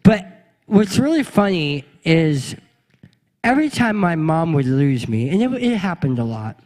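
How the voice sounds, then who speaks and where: A young adult man, a pastor, telling a funny childhood story in an animated way and acting out the voices of the people in it. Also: fairly high pitch, unhurried, in a large hall. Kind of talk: storytelling sermon.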